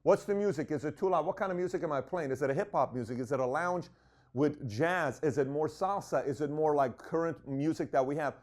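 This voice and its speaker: A man's voice: on the high side, brisk, darkish tone. A man giving an emphatic business talk, telling stories and acting out what people said. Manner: emphatic, storytelling, acts out quotes. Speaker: business speaker.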